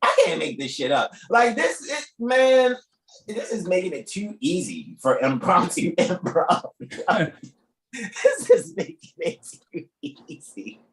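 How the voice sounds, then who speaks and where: A man hosting a live reading, talking off the cuff in a rambling, animated way and laughing often. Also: high-pitched, slow pace. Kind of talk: casual improvised commentary. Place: room in a shop. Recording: echoey room.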